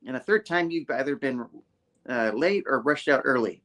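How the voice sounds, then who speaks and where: On a laid-back comic book review show, a male host retells a story and slips into quick character voices. He's an animated storyteller whose pitch leaps up whenever he quotes a character.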